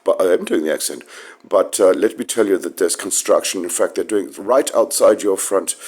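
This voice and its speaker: Very deep-voiced rambling man. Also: expressive, brisk, darkish tone. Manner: wry, digressive, with sudden emphatic pitch jumps. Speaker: vlogger. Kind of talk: rambling casual monologue.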